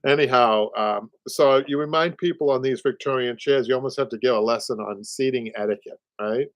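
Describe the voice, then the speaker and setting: A man's voice: medium pitch, a little fast, dry recording. A man in his sixties with a Boston accent, hosting a live upholstery show in a rambling, chatty way. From Boston area, USA. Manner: chatty, rambling, repeats words, laughs often. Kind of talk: casual livestream chat.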